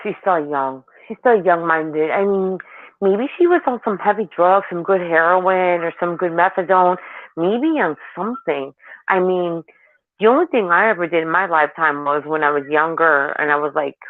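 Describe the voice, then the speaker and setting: A woman's voice: lowish voice, moderate pace, no echo. A woman in her forties chatting casually as a caller, rambling and candid, telling stories animatedly. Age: 40s. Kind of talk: casual chat. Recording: tinny dry phone line.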